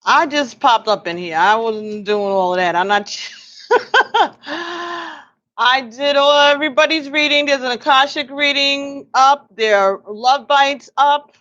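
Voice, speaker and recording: Tired woman doing tarot on a livestream, slow easy talk, laughs a lot, muffled lo-fi audio. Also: a little high, fairly bright tone. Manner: chatty, laughs often, talks to viewers by name. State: tired, yawning. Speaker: tarot reader hosting a live stream. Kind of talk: casual live-stream chat and card reading.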